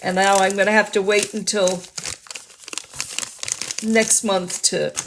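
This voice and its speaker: A woman's voice: mid-range voice, flat delivery, slow pace, a little hiss or hum. A woman chatting casually on a livestream in a rambling, chatty way, laughing often.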